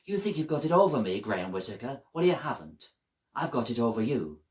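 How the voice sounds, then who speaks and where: A man puts on a sharp-tongued mother in her seventies, her voice leaping up and down as she scolds. Her talk is tart and jealous, a mid-range voice swinging widely. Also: medium pitch, huge pitch swings, a little slow, echoey room. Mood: shouting. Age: 70s. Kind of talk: home-made stage monologue.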